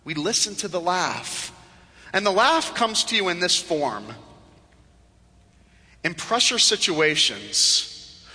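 High, bright-voiced man preaching a sermon. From South Florida. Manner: acts out the serpent's mocking voice in low hushed tones. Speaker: pastor. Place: church sanctuary. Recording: reverberant church hall.

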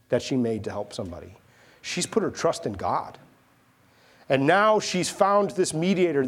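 A man's voice: a little high, breathy edge. A man preaching a sermon, retelling a scripture story with emphasis and rhetorical questions.

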